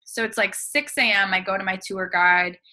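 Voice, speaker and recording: A woman from the United States spins a relaxed travel anecdote as a podcast guest. Her voice is bright and forward, and her talk runs breezy and chatty, sprinkled with casual fillers. Her pitch sits in the middle. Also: normal speed. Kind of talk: casual storytelling.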